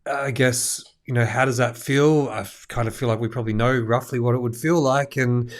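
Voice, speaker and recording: A man's voice: medium pitch, steady tone, brisk. A man co-hosting a podcast, asking rambling questions full of fillers. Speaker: podcast co-host. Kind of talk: casual podcast chat.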